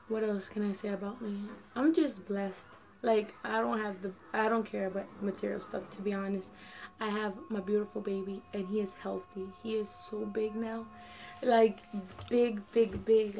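A woman's voice: mid-range voice, a little mellow. A nineteen-year-old woman telling her own story in a casual vlog, rambling with lots of "like" and "um" and acting out what people said. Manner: rambling, full of "like" and "um"; acts out quoted dialogue in her telling. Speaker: vlogger.

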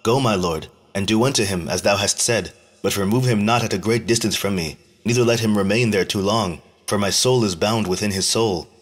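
Sarah, an old mother, pleads tenderly for her son in archaic speech, voiced by a man reading aloud. The voice is low and husky. It is scripture read aloud. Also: brisk, few pauses, close to an everyday voice. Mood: pleading.

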